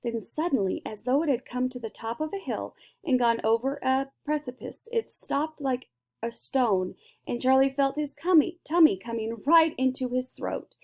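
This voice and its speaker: A woman's voice: high-pitched, moderate pace. Woman reading a storybook aloud. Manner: lively, switches into character voices. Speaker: reader.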